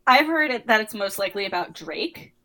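A young woman co-hosting a podcast, chatting casually and gossiping with quick asides. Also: medium pitch, big pitch swings, bright, forceful tone. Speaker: podcast co-host. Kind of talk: casual chat.

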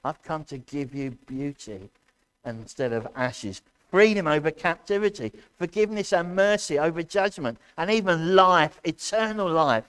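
Man preaching a fiery sermon. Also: fairly high pitch. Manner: impassioned, loud preaching with sudden shouts; addresses congregation directly, asks questions. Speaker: pastor. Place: church.

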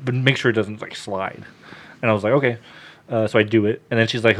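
A man's voice: lowish voice, quick pace. A man on a podcast casually telling a long story, swearing freely and acting out what people said. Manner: animated, swears freely, acts out dialogue.

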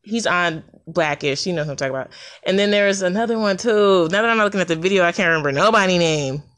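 A woman talking casually into a recorder, telling a story in an animated, colloquial way and laughing often. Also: quick pace. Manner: animated storytelling, jumps high for reactions. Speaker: podcaster. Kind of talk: casual monologue. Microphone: handheld recorder.

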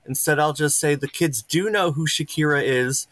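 A man joining a podcast as a guest, halting and self-deprecating, with a slightly hoarse throat. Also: fairly high pitch, fairly bright tone, no echo. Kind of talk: casual podcast chat.

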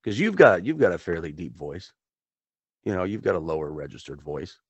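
A man's voice: sits low, big pitch swings, a little fast, slightly rough, no echo. A man co-hosting a podcast, chatting casually in a rambling, laid-back way with small chuckles. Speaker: podcast co-host. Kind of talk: casual chat.

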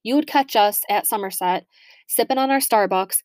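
A woman's voice: medium pitch, moderate pace, darkish tone, no room sound. A young woman tells personal stories in a loose, chatty way. She is candid and swears without a second thought. Her voice sits close and dry, with no room around it. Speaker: podcast host. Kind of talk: personal storytelling, casual chat.

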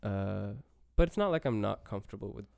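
A young man from India speaks with an American accent in a low voice, thoughtful and hesitant as he talks. The sound is close and dry, with no room around it. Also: expressive, fairly quick, creaky, darkish tone, dry recording. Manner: reflective and hesitant, with many fillers. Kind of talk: casual conversation.

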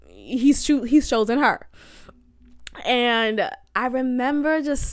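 A young woman tells a personal story on her podcast, chatty and talking straight to her listeners, often laughing. Her voice sits a bit high and sounds smooth and clear. The recording is dry and close, with no room sound. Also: no echo. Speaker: podcast host. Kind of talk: casual storytelling monologue.

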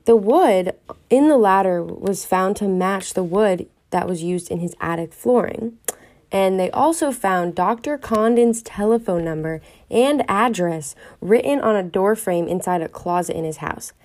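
A woman's voice: medium pitch, lively intonation, a little slow, a little mellow. A young woman hosting a podcast, telling a true-crime story in a chatty way, wondering aloud with many fillers. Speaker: podcast host.

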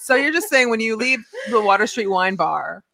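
A woman in casual chat, teasing the others with quick remarks and laughter. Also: fairly high pitch, animated, vocal fry, sharp tone, dry recording.

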